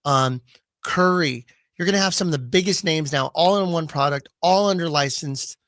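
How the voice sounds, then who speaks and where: A man hosting a sports card radio show, chatting casually and lively, often slipping into quick comic voices. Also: on the high side, dry recording. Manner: animated, slips into quick comic put-on voices.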